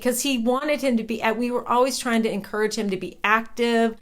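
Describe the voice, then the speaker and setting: A woman's voice: fairly high pitch, moderate pace, few pauses, fairly bright tone. A woman telling a personal ghost story in a chatty, conversational way, often checking in with "right?".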